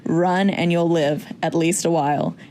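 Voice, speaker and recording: A woman reading out a defiant Scottish rebel leader's battle speech in her own plain voice, without yelling. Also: lowish voice, unhurried, slight background noise, lightly acted. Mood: rallying. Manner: flat read-through, not yelled. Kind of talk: reading a film speech aloud.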